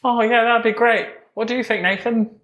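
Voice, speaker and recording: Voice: medium pitch, steady tone, normal speed, fairly bright tone, reverberant, lo-fi sound, pitched above the performer's own voice, lightly acted. A performer voicing an eager, naive young man fresh out of detention, in a raised, chirpy voice.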